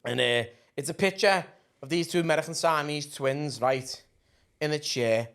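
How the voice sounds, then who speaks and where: A man co-hosting a podcast, telling rambling stories with plenty of swearing and laughter. His voice sits a little high for a man. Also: moderate pace, a bit bright, clear, resonant tone. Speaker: podcast co-host. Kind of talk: casual storytelling chat.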